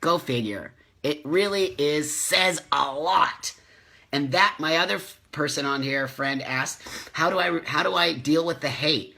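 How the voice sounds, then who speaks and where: A man's voice: on the high side, measured pace, gravelly, sharp tone. Passionate man ranting on a live stream. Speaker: host of a live community video chat. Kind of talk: casual live-stream talk, reading viewer comments.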